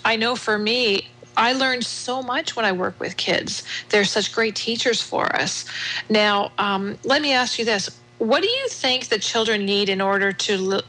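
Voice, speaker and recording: Bright-voiced Canadian woman radio host. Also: mid-range voice, poor audio. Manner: chatty, laughing, self-deprecating. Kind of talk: radio interview.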